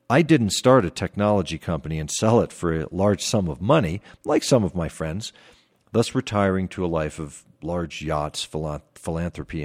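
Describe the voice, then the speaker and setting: A man in his fifties hosting a podcast, telling a reflective story in a scripted monologue. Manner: reflective storytelling with lively pitch swings. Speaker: podcast host.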